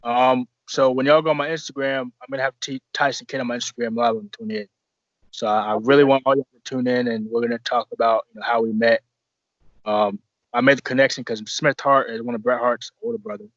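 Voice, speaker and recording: A man's voice: medium pitch, steady tone, a little fast, a bit bright, no room sound. A man, a pro wrestler, telling stories as a podcast guest in a rambling, profane way, with a lot of restarts. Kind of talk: casual podcast storytelling. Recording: dull lo-fi dry sound.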